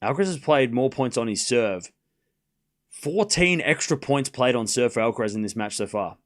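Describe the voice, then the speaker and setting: A man calling tennis live for a watchalong stream, excitable and openly taking sides as he chats with viewers. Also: mid-range voice, normal speed. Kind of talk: live play-by-play commentary.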